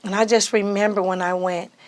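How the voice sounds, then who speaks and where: A woman from California, a podcast guest telling lively stories and acting out the voices in them. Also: mid-range voice, fairly quick. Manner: animated, acts out voices in her stories. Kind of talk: casual storytelling.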